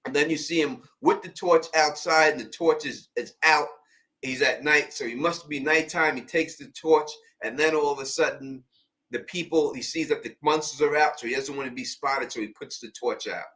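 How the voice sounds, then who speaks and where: Rambling bright-voiced New York man. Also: on the high side, normal speed. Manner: rambling, repetitive, thinking aloud. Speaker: live-stream host. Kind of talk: casual live-stream theory talk.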